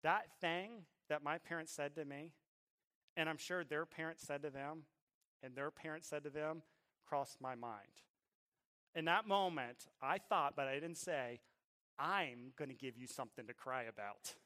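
A middle-aged male pastor tells a personal story from the pulpit in a high, bright voice. He drops to a hush for the tender parts, then climbs into loud, stretched-out emphasis as he preaches. His delivery is unhurried. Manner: swings from hushed storytelling to shouted preaching; drawn-out emphatic phrasing at peaks. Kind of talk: sermon storytelling.

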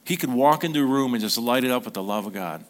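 A man's voice: mid-range voice, animated, fast. A middle-aged man preaching an informal sermon to his congregation, talking conversationally, acting out short quotes and often restarting his sentences. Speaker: pastor.

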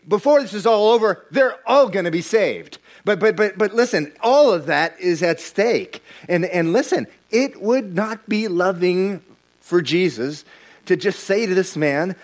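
A man in middle age preaches a sermon in an emphatic, insistent way. He doubles back on his words and repeats phrases to drive each point home. His voice sits a little higher than most men's. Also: lively intonation, moderate pace. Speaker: pastor.

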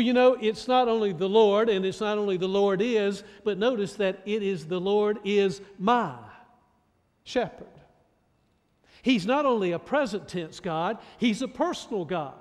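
High-voiced preaching man in a reverberant hall. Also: darkish tone. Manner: emphatic preaching with repeated restarts. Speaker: pastor. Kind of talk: sermon.

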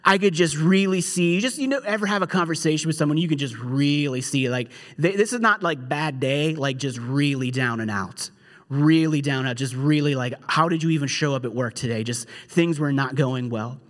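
Pastor pregando com voz meio aguda. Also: male voice, on the high side, normal speed. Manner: conversational storytelling with animated asides. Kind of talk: sermon.

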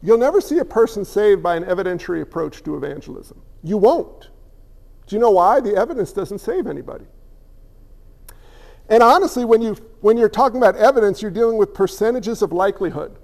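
A man preaching a sermon as pastor, animated and acting out little voices along the way. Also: sits high, a little fast, gravelly, in a large hall.

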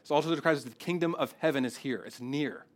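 A man's voice: mid-range voice, fast. A man preaching a sermon, earnest and conversational, often restarting his phrases and growing emotional. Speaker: pastor.

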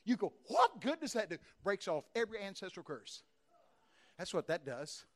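A man preaching a sermon in a church, his voice bright and fairly high. He spins folksy stories, drops to near whispers, then erupts into loud exclamations. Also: very animated, normal speed. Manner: folksy storytelling with sudden loud bursts.

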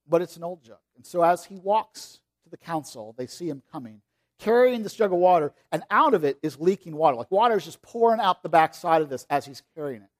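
Conversational man preaching a sermon. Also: a little high. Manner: conversational preaching with frequent "like" and restarts, swinging from loud to quiet. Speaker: pastor.

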